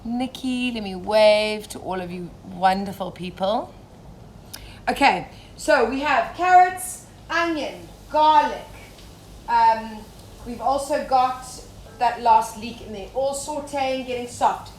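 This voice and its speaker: Chatty high-voiced woman in an echoey kitchen. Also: takes it slowly. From Zimbabwe. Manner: chatty, greets viewers by name while cooking. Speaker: safari cook. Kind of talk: live-streamed cooking demonstration. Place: home kitchen. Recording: echoey kitchen with faint ambient noise.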